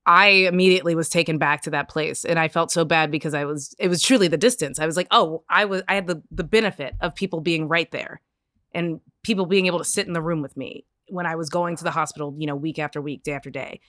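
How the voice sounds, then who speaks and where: A woman's voice: low-pitched, quick pace, no echo, clean studio sound. A woman in her thirties, a guest co-host telling stories in casual podcast chat, laughing often. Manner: animated storyteller, laughs often.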